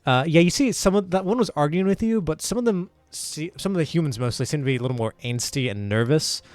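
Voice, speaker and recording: A man's voice: fairly high pitch, lively intonation, fast, darkish tone, no room sound. A man running a tabletop game as game master, narrating in a rambling way with many fillers.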